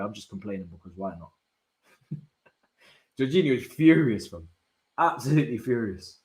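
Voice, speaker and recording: Young man, live match reaction, excitable, roomy echo, mid pitch. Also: moderate pace, pauses often. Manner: excitable, swings from muttering to shouting, frequent slang. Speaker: football watch-along streamer. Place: indoor room at home.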